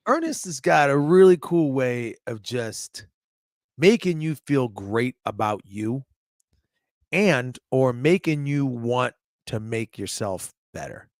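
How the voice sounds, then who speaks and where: Man, podcast co-host, animated storyteller, dry close sound. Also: medium pitch, slow, no room sound. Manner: animated storytelling, acts out quotes. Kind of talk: casual podcast chat.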